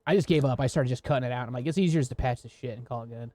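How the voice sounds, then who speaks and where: A man's voice: mid-range voice, racing, mellow, no room sound. An American man co-hosting a podcast, telling rambling, laughing, swear-filled work stories in casual chat. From United States. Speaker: podcast co-host.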